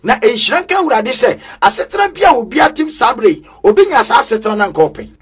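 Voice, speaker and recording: A man preaching an energetic street sermon, chanting in a sing-song way with bursts of shouting. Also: very high-pitched, quick pace, slightly rough.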